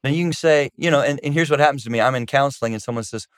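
A man's voice: medium pitch, rapid-fire, no echo. Middle-aged guy counselor, punchy emphatic delivery, dry close mic. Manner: emphatic, repeats "guess what" for emphasis. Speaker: marriage counselor and co-host. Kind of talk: conversational teaching on marriage.

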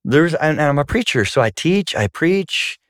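A man's voice: sing-song, moderate pace, no room sound. Man telling counseling stories, dry close mic. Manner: storytelling, acts out voices with sudden high pitch jumps. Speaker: pastor and marriage counselor. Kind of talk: casual podcast chat with his wife.

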